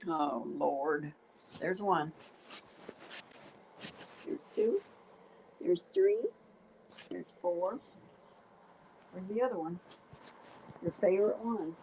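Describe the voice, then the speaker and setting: A woman's voice: on the low side, extremely slow, long pauses, mellow, slight background noise, low-quality recording. A woman co-hosting a livestream from home, chatting casually and exclaiming often. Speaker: livestream co-host. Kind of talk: casual chat. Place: indoors at home with a dog.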